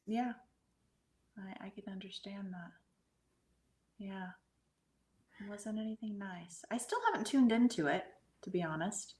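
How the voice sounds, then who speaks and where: A middle-aged woman speaking as a guest medium, telling a personal experience earnestly and often dropping into soft, breathy asides. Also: medium pitch, a little slow, long pauses. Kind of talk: casual storytelling conversation.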